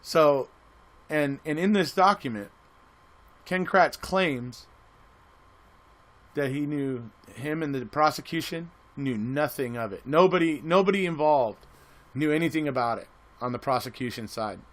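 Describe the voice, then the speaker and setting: A man's voice: a little high, expressive, a little slow. A man giving casual spoken commentary as an online commentator. He rambles, often restarting and repeating words, and grows emphatic when he is being critical.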